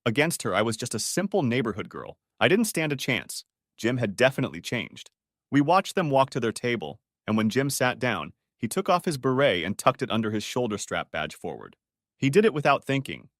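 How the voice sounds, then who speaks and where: Expressive male audiobook narrator. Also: fairly low pitch, dry recording, clean studio sound. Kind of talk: scripted story narration.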